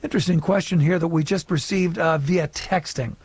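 A man hosting a live call-in radio show, upbeat and clear as he reads out contact details. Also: a little high, a little fast, darkish tone, dry recording.

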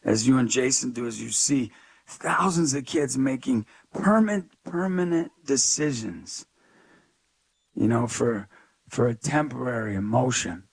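Gravelly, animated preaching man. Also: medium pitch, a little slow, no echo. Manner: animated, preachy, acts out dialogue. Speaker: youth speaker. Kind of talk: storytelling in an interview.

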